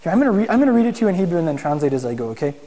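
A man's voice: on the high side, very animated, rapid-fire, dark tone. A man teaching a congregation in a conversational sermon style, often putting questions to the room. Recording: long hall reverb.

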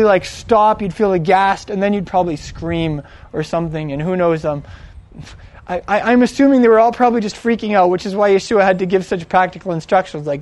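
Guy with a high voice telling an old story loose and chatty, lots of ums and likes, does the quotes. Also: darkish tone, dry recording. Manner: conversational, filler-heavy, acts out quoted lines. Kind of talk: casual retelling of a Bible story.

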